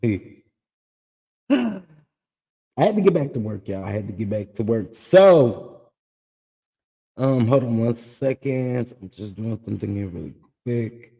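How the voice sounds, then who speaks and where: A man's voice: medium pitch, expressive, slow, creaky, long pauses, dark tone, slightly rough, big-room sound. A man with a scratchy voice, casually hosting a livestream and chatting with viewers by name. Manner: greets viewers by name, drawls "child" and "y'all". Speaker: livestream host recapping a reality show.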